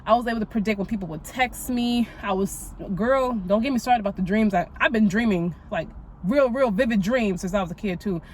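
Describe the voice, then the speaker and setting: A woman's voice: mid-range voice, a little fast, a little hiss or hum. A woman in her twenties hosting a spiritual podcast, talking bluntly and sassily, with a lot of swearing and plenty of "like" fillers. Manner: blunt, profane and sassy, with lots of "like" fillers. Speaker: podcast host. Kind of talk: casual spiritual podcast monologue.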